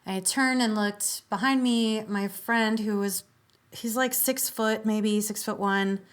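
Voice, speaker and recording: Woman spilling a wild story on a podcast, mid pitch, lots of "like"s, laughs easy. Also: steady tone, slow, clean tone. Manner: chatty, lots of filler "like", laughs often. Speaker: podcast guest. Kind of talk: casual storytelling in conversation.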